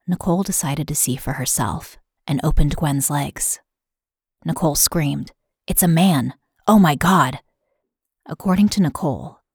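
A woman podcast host reading a scripted true crime narration in a steady, matter-of-fact way. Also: sits low, breathy edge, no room sound, studio quality.

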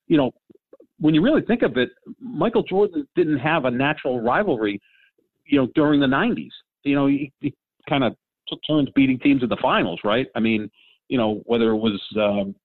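A man's voice: medium pitch, no room sound. Man in his fifties on a tinny line. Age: 50s. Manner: rambling, many fillers and restarts. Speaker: podcast co-host. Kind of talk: casual sports chat. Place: home, during lockdown.

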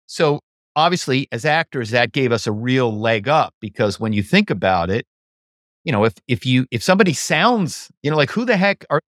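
A middle-aged man spins stories as an interview guest, animated and chatty, often tossing in quick asides. His voice sits at an ordinary middle pitch. The recording is close and dry, with no room sound. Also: no room sound. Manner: animated storyteller, many "you know" asides. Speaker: guest, former actor and corporate spy. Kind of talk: conversational interview storytelling.

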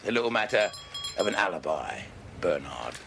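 A tough former policeman, wry and bullying. His pitch rises and falls freely. The old television drama track carries a steady background noise. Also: moderate pace. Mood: menacing. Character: tough ex-cop, sardonic and bullying. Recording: noisy TV drama soundtrack.

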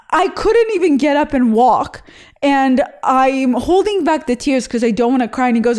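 A young woman from Israel hosts a casual chat, reacting to listener stories with frank, bawdy humour. Her voice sits a little high, and she talks in an animated way with quick laughs. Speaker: host reading listener stories.

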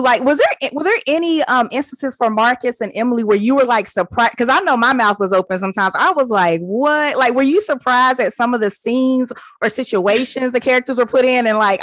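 A woman's voice: fairly high pitch, brisk, few pauses, a bit bright, no room sound. A woman hosting a podcast, gushing and chatty as she asks her guest questions. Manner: gushing, chatty, lots of "like" fillers. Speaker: podcast host. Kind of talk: casual interview chat.

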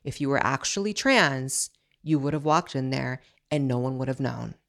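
A woman's voice: very deep voice, animated, moderate pace, gravelly, fairly bright tone. A woman hosting an opinionated commentary show, talking in a blunt, sarcastic, ranting way.

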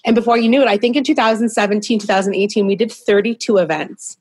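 A woman's voice: mid-range voice, fast talker, breathy edge, dry recording. A woman in her thirties, a business founder, telling her story as a guest in a casual interview from her home in a candid, chatty and self-deprecating way.

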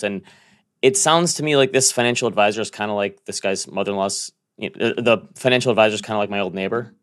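A man hosting a casual finance podcast, talking in a quick, joking, conversational way and telling stories. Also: medium pitch, a bit bright. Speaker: podcast host.

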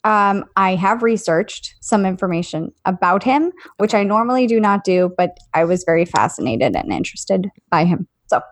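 A woman co-hosting a casual podcast, relaxed and matter-of-fact. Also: mid-range voice, normal speed, few pauses. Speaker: podcast co-host and medium.

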